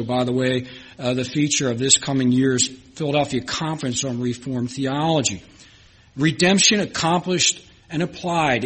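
A man's voice: fairly high pitch, a bit bright, slightly rough. A middle-aged man preaching an earnest sermon, reading scripture aloud. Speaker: pastor.

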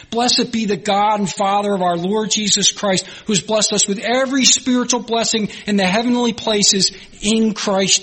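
A man preaching a sermon in a husky, breathy voice that sits a touch higher than most men's. He reads scripture with earnest swells of pitch and volume, then sinks quiet and low. The delivery is steady and pastoral.

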